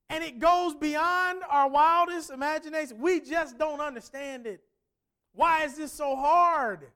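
A man's voice: very high-pitched, fairly bright tone. A man preaching a sermon in a conversational way, asking many rhetorical questions.

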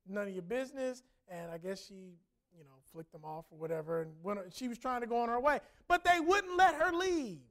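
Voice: high-pitched, a bit bright. A preacher on a livestream, earnestly retelling a story in a conversational way and often repeating words as they go. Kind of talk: livestreamed sermon-style storytelling.

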